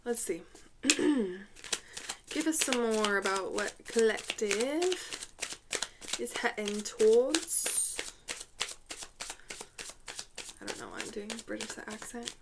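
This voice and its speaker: A woman giving an intuitive tarot reading to camera, speaking haltingly, repeating words, clearing her throat, and dropping to a hushed voice when she names cards. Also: mid-range voice, background noise. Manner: soft, hushed drops when naming cards. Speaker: tarot reader.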